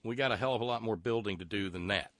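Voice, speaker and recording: A man hosting a call-in radio show, blunt and profane, with halting restarts. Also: on the low side, a bit bright, dry recording. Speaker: radio talk show host.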